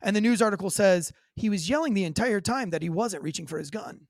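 A former police officer telling a personal story in an interview, in a blunt and profane way with vivid detail. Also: male voice, high voice, lively intonation, fast, no room sound, studio quality.

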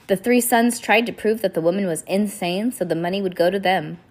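A woman's voice: medium pitch, brisk, a little mellow, lightly acted. Woman voicing a worried, clever teenage girl. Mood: earnest.

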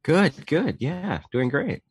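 A man's voice: a little high, slow pace, husky, no echo. A man from the Philippines, co-hosting a podcast, telling stories with laughter in casual chat. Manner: laughing, animated storyteller.

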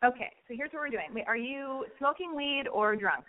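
A woman's voice: high-pitched, expressive, brisk. Rambling, cursing woman host on a thin line. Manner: rambling, blunt and swearing, jokey. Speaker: radio call-in host. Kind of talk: casual call-in chat. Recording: thin phone-like sound.

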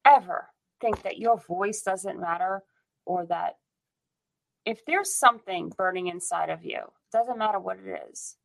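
A woman from the United States delivers a fierce, impassioned rant, hammering her points home with repetition and swearing. Her voice sits at an ordinary middle pitch for a woman, and she talks the way people do in a casual chat. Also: unhurried, vocal fry, low-quality recording.

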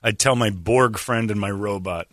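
Recorded at studio quality with no room sound, a male radio host talks at a moderate pace. His banter is casual and comedic, full of laughter and sudden mocking, high-pitched quoted voices.

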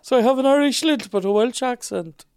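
A man putting on a Welsh voice with an Irish lilt, high and pleading. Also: fairly quick, a little mellow, smooth, no echo, clean studio sound. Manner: high, sing-song, pleading.

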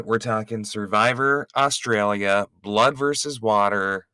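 Young male podcast host, playful banter, bright crisp tone, dry close sound. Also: medium pitch, normal speed, no echo. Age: 20s. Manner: joking, playful, talks over the co-host. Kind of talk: casual chat.

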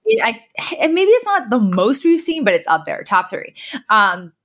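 A woman's voice: a little high, very animated, normal speed, fairly bright tone. Chatty woman recapping a sitcom. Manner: chatty, lots of fillers, acts out quoted lines. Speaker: podcast co-host recapping a sitcom episode. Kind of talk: casual chat.

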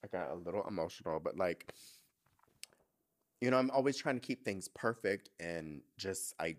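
A young man hosts his show in loose, confessional talk. His voice sits fairly low but swings widely and expressively as he opens up. He swears freely and gets emotional. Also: animated, normal speed. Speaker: podcast host. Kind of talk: casual confessional chat.

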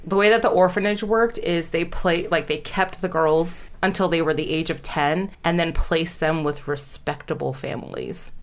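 A woman's voice: sits low, moderate pace, hardly any pauses. A woman telling a true story in casual chat, giggly, often trailing off and restarting.

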